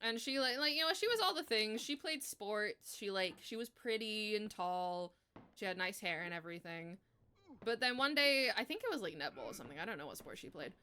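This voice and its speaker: A woman in her twenties streaming live, telling a story in casual chat, animated, swearing freely and laughing as she goes. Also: medium pitch, fairly quick, smooth.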